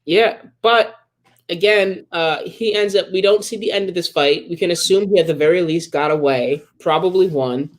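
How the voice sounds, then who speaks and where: Man, podcast co-host, casual comic recap, rambling, fillers, fairly high pitch. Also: normal speed. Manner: rambling retelling with many ums and quoted asides.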